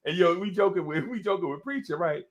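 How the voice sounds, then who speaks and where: A middle-aged man telling a story in an animated, casual way, laughing often and calling his listener "bro.". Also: high voice, quick pace, muffled recording. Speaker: podcast host.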